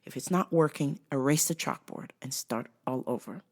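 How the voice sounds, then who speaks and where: A woman's voice: extremely low pitch, normal speed. A woman in her thirties telling blunt, profane stories in a casual vlog monologue. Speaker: vlogger and store clerk.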